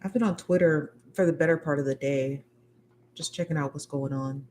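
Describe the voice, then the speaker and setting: A woman's voice: deep voice, steady tone, normal speed, darkish tone, a little hiss or hum. A woman hosting a casual livestream after show, chatty and a little tired, greeting viewers and reading their comments aloud. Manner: chatty, laughing, reads out chat comments. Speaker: livestream host.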